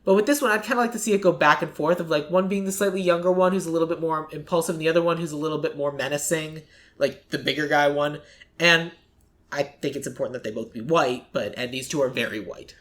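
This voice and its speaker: A podcast host in casual chat, talking loosely with lots of "like" and quick acted-out quotes. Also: medium pitch, a bit bright. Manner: chatty, fills speech with "like", acts out quick quotes.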